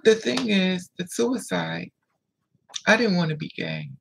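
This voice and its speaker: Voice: mid-range voice, animated, unhurried, gravelly, slight background noise. A vlogger telling a painful personal story in a blunt, raw way, repeating phrases and swearing freely.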